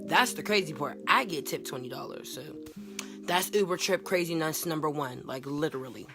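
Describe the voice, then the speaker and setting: A young woman vlogger from Pittsburgh telling wild driving stories in a casual, animated rant, saying "like" constantly and acting out the dialogue. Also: low-pitched, normal speed, music in the background. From Pittsburgh, USA. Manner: animated, heavy use of "like", acts out dialogue. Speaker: vlogger and rideshare driver.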